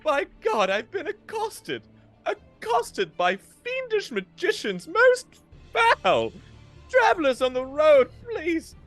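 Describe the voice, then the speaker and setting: Pompous traveler, loud, theatrical, high swooping voice, bright tone. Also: huge pitch swings, takes it slowly, soft background music, exaggerated voice. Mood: pompous distress. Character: pompous male traveler crying for help.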